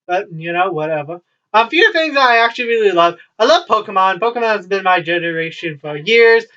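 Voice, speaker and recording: Casual young guy telling stories at home, bright sharp tone, muffled mic a bit far off. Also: high-pitched, lively intonation, brisk. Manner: rambling, swears freely, wry asides. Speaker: vlogger. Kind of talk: casual storytelling. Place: at home, child nearby. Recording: dull lo-fi, from a distance.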